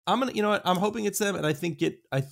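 A man's voice: high-pitched, very fast, creaky, no echo. A man co-hosting a casual sports podcast, talking in hesitant, restarting bursts. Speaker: podcast co-host.

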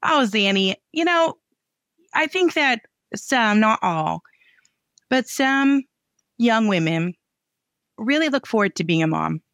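A woman with a Midwestern accent, a guest author chatting in an interview, bubbly and animated. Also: a little high, slow, long pauses, no echo. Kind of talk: casual interview chat.

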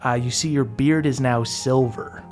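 A man's voice: medium pitch, steady tone, normal speed, darkish tone, soft background music. A man as game master, casually narrating a tabletop game with many fillers and the odd curse.

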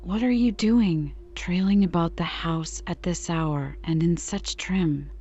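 A woman reading aloud as a motherly housekeeper, speaking low and hushed. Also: slow pace, dull audio, a little hiss or hum. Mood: scolding. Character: motherly older housekeeper woman, brisk but kind.

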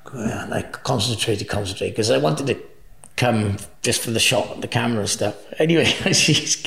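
A man's voice: mid-range voice, normal speed, creaky, a bit bright. A man as an interview guest, telling crude travel anecdotes with frequent laughter. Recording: echoey room.

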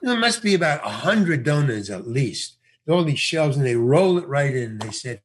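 A man's voice: medium pitch, moderate pace, breathy edge. A man telling a casual anecdote, acting out the dialogue and laughing often. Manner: animated storyteller, acts out dialogue, laughs often.

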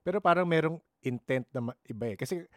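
A man's voice: on the high side, quick pace, no room sound, studio quality. Filipino man asking curious questions. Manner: asks curious questions, mixes English and Tagalog. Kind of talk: casual chat.

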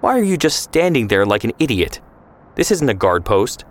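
A man's voice: mid-range voice, big pitch swings, moderate pace, pitched above the performer's own voice, close to an everyday voice. A man voicing a tough, blunt young woman pioneer. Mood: snappish. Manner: sharp, sarcastic retorts.

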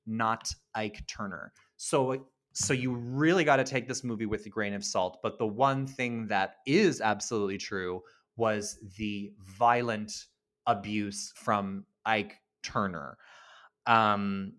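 A man's voice: on the low side, slow pace, fairly bright tone. Chatty man co-hosting a podcast. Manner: chatty, frequent laughs and restarts. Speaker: podcast co-host. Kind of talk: casual film discussion.

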